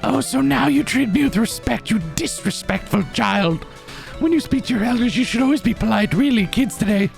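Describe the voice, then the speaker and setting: A man's voice: very high voice, brisk, vocal fry, faint music behind, pitched above the performer's own voice, full character voice. A man voicing a vain, pushy old woman who scolds and rambles, for a game playthrough. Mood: haughty, rambling.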